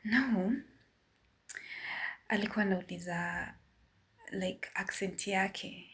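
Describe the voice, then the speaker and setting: A woman with a Kenyan accent giving a careful opinion in a casual vlog, measured and a bit apologetic. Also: medium pitch, fairly even intonation, a bit bright. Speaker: vlogger.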